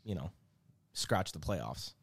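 A man's voice: deep voice, sing-song, husky. A young man co-hosting a podcast, chatting in an easygoing way with lots of fillers. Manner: fast, easygoing, filler-heavy talk. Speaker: podcast co-host. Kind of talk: casual chat.

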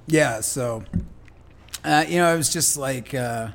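A man from Canada talks as an interview guest in a candid, earnest and reflective way. He often restarts his sentences. His voice has a gravelly, fry-laden texture at a middling pitch. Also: slow, a bit bright.

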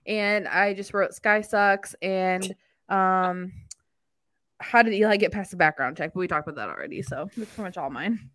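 Young woman podcast cohost, bright voice, rambly and giggly. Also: medium pitch, moderate pace. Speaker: podcast co-host. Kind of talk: casual chat.

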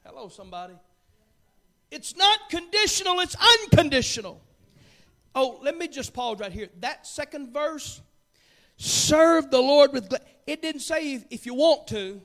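A man preaching from the pulpit in a very high, bright, forceful voice. He moves between hushed, folksy jokes and shouted bursts of fervor. It is a lively, heartfelt church sermon. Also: a little slow. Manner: fervent preaching that swings from quiet asides to shouted peaks; joking, folksy asides. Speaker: pastor.

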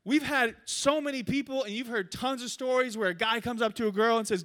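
High-voiced animated male preacher. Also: a little fast. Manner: animated storytelling with jokes. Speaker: pastor. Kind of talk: sermon.

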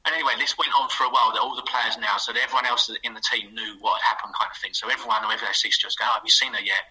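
A middle-aged man telling a lively anecdote as a guest on a radio show, putting on playful voices for the people he quotes. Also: mid-range voice, rough recording. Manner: fast, animated storytelling with playful quoted voices. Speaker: guest, former footballer.

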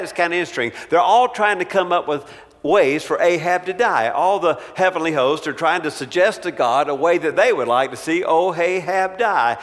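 Bir papaz, İncil öyküsünü sohbet havasında, canlandırmalı anlatan bir adam; uzun yankılı kilise salonu kaydı. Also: male voice, on the high side, moderate pace, fairly bright tone, in a large hall. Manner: conversational storytelling with acted quotes. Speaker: pastor. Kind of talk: sermon.

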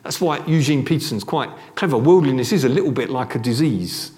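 A man's voice: mid-range voice, animated, a little fast, darkish tone. A middle-aged man giving a sermon in a church, talking conversationally with restarts and asides. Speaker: preacher.

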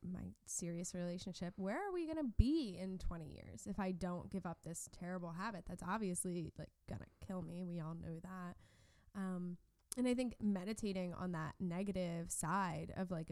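A woman's voice: on the low side, a little mellow, no room sound. Chatty woman co-hosting a podcast. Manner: chatty, teasing, supportive interjections. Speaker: podcast co-host. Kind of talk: casual podcast conversation.

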